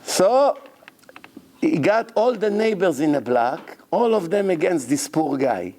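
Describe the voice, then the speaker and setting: During a Torah lecture, a rabbi tells a long personal story at a measured pace. His gravelly voice sits a little high and swings widely in pitch as he acts out dialogue. He's an animated storyteller, jumping between his own voice and the people he quotes to play both sides.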